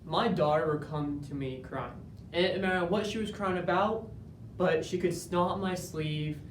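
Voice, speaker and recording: A man giving an earnest, measured dramatic interpretation performance that builds to moments of intense emphasis. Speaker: speech competitor. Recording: roomy, distant, faint rumble.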